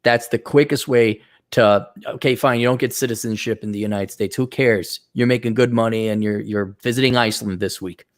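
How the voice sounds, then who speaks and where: A middle-aged man hosting a show, giving blunt, profane, lively advice in an unscripted monologue. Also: lowish voice, brisk, few pauses.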